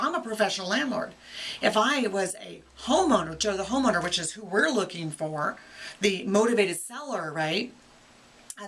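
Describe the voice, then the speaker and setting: A woman's voice: medium pitch, a bit bright. A middle-aged woman giving a casual video lesson on real estate investing, upbeat and conversational, with fillers and restarts.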